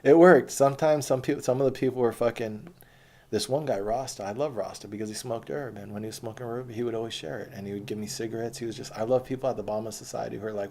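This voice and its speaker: A man's voice: mid-range voice, quick pace, mellow, a little hiss or hum. A man reads his old posts aloud and comments on them in a rambling, blunt and profane way. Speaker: former protester recounting his past.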